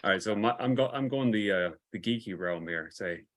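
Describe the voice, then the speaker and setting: Low-voiced laid-back male cohost. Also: animated, a little fast, few pauses, fairly bright tone. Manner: laid-back, hesitant, laughs often. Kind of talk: casual live-stream chat.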